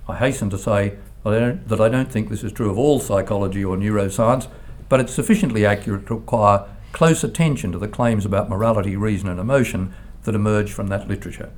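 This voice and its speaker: An older male professor delivers a formal academic lecture, reading from a prepared text. His voice sits low, and he moves through it in a measured, deliberate way, stumbling now and then over a word. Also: a little mellow. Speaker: philosophy professor.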